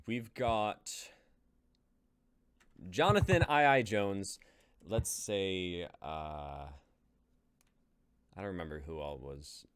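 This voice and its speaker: Hosting a live stream, a man casts roles for a table read in upbeat, casual chat, directing the group. His low voice is clear and resonant, and he takes it slowly with long pauses.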